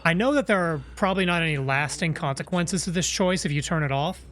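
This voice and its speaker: A man streams a video game and talks it through in a chatty, musing way. His voice sits a little higher than most men's. Soft game music plays under him. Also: brisk. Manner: chatty, musing, playful asides. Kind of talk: live gameplay commentary.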